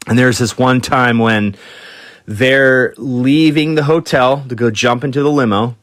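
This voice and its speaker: A man telling rock and roll stories on his podcast in a loose, offhand way, cursing freely and jumping into higher voices for quotes. His voice sits at an ordinary pitch and is recorded close and dry, with no room sound. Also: a little slow, fairly bright tone, no echo. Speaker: podcast host. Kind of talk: casual storytelling.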